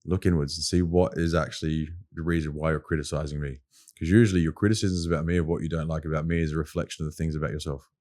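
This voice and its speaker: A man's voice: very deep voice, little pitch movement, quick pace, darkish tone. A man with an Australian accent, talking as a podcast guest in casual conversation, earnest and emphatic, often repeating his points.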